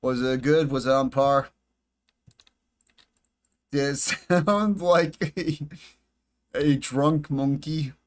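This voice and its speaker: A man's voice: medium pitch, takes it slowly, pauses often. A man commenting casually on his live game stream, chatty and joking with his viewers, talking into a headset at home. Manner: chatty, jokey, talks to chat and himself. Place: home room with air conditioning and bright lights.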